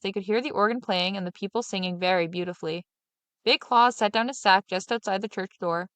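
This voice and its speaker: A woman reads a fairy tale aloud with steady, expressive narration. Her voice sits in the middle range. The sound is dry and close. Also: mid-range voice, no echo. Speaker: storyteller.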